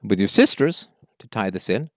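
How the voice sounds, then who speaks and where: Male talk host, animated advice-giver who acts out his anecdotes; bone-dry studio voice. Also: lowish voice, normal speed, no echo. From Canada. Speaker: call-in show host.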